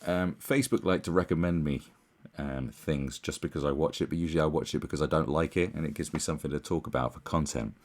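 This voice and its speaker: A man's voice: rumbling low, fast talker. A man giving casual commentary, rambling and scornful, with many fillers and restarts. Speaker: commentary YouTuber.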